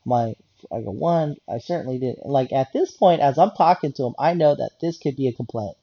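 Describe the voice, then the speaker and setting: A man's voice: medium pitch, animated, a little fast, breathy edge, no echo, dull audio. A man talking in a rambling, blunt casual rant about working in a medical office, swearing and repeating himself.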